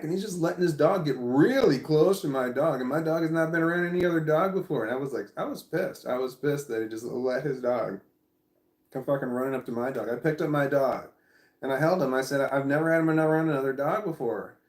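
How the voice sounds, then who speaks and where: A man's voice: a little high, a little fast, echoey room. A man telling a casual story to the camera. He rambles, repeats himself and swears often. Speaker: vlogger.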